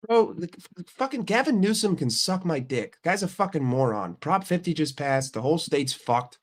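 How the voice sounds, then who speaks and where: A brash young man from the United States rants casually, swearing freely and jumping between topics. His voice sits somewhat high. His delivery swings from quick, punchy bursts to slow, mocking asides. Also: big pitch swings. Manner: ranting, heavy swearing, brash. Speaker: streamer and channel host. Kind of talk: casual profane rant.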